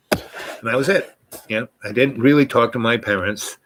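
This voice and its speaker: A man's voice: medium pitch, measured pace, long pauses, a bit bright, rough recording. A man from New York telling a personal story in a casual, meandering way, full of asides and restarts.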